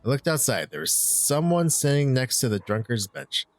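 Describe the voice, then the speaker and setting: A man's voice: mid-range voice, big pitch swings, normal speed, faint music behind. A man reading a visual novel aloud in a conversational way, adding asides and restarting lines. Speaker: let's play reader.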